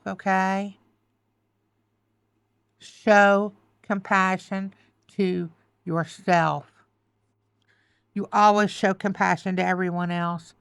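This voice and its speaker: A woman's voice: lowish voice, a bit bright, clean tone, no echo. A woman giving a tarot reading, choked up and tearful, repeating soothing affirmations. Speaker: tarot reader.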